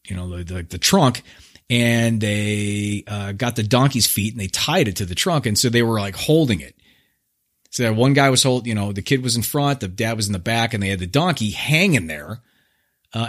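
A male podcast host in a mid-range voice tells an old fable as a laid-back, slangy monologue. His pitch swings up and down as he animates the story. He cracks jokes as he goes. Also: expressive, moderate pace, fairly bright tone.

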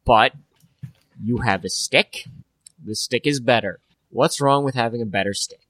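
A man's voice: medium pitch, measured pace, a bit bright, no room sound. A man co-hosting a podcast, chatting casually and sarcastically about tabletop game spells, with jokey asides and swearing. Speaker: podcast co-host.

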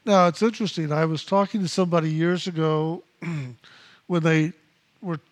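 A man with a notably high voice teaches a meditation practice. He speaks in slow, measured phrases and circles back to repeat his key words. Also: fairly even intonation. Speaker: spiritual teacher.

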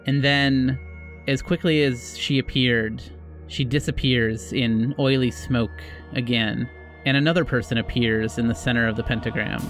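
Man running a tabletop horror game, mid-pitched voice, drawn-out descriptive narration. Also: steady tone, fairly bright tone, faint music behind. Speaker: game master. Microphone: podcast microphone.

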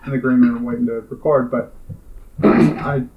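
Canadian guy, mid pitch, hesitant ums and restarts, kinda dull sound. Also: fairly even intonation, measured pace. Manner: hesitant, apologetic, many fillers. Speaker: podcast co-host. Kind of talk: casual chat.

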